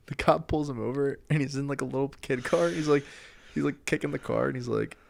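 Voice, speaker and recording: A man's voice: medium pitch, a little fast, vocal fry, a little hiss or hum. A young man co-hosting a podcast in casual chat, laughing as he retells movie scenes. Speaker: podcast co-host.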